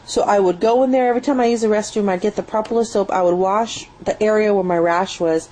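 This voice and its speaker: A woman's voice: mid-range voice, quick pace, mellow, a little hiss or hum, poor audio. A young woman chatting enthusiastically at home in a rambling product review, recorded on a built-in webcam mic. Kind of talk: casual spoken product review.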